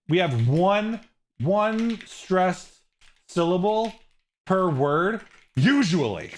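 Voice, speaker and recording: A man streaming live, chatting casually with his viewers, rambling and laughing often, with many restarts. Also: a little high.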